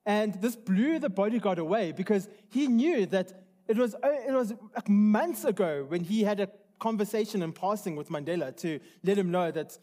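A man's voice: high voice, animated, moderate pace, warm tone. A man preaching a sermon in a church hall, earnest and conversational, often restarting his sentences. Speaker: pastor.

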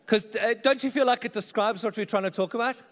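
A man's voice: sits high, fast talker, fairly bright tone, big-room sound. A man preaching a sermon in church, conversational and often checking in with the congregation. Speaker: pastor.

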